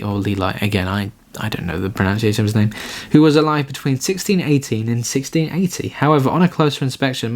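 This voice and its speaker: A man hosting a solo podcast, chatting in a rambling, self-deprecating way. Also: medium pitch. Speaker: podcast host.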